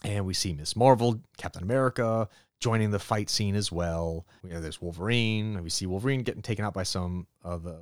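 A man's voice: on the low side, no room sound, studio quality. A man hosting a podcast alone, casually retelling a comic story in a rambling way and briefly voicing the characters. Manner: rambling recap with quick voiced asides for characters. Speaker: podcast host reviewing comics. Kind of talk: casual solo review recap.

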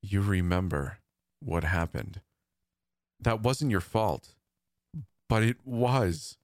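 A man's voice: deep voice, expressive, slow, dry recording, clean studio sound, heavily acted. A man voicing a terrified young boy who speaks in a choked, quivering, hesitant way. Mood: fearful. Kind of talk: storytelling narration with acted dialogue.

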